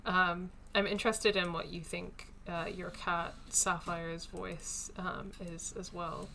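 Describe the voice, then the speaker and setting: Chatty woman streamer with a bright voice. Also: on the low side, flat delivery, slow, gravelly, slight background noise. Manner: chatty, thinks aloud with many fillers. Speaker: streamer playing a story game. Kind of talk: casual let's-play commentary.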